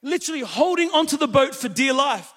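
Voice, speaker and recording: High-voiced preacher in a reverberant church. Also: male voice, a little fast. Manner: energetic storyteller, calls out to the congregation. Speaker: pastor. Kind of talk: sermon with storytelling.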